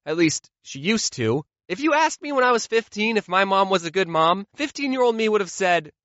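Lively, high-voiced young man telling stories. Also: brisk, dry recording, dull audio. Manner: jokey, deadpan asides between acted-out quotes. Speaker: comedy storyteller. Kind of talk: animated comedic storytelling.

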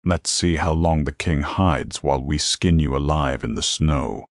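A cruel wolf-pack enforcer, voiced by a male narrator, taunting with a sneer in a very deep, dry voice. A brutish adult male figure from a spoken fantasy story. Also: measured pace, dry recording.

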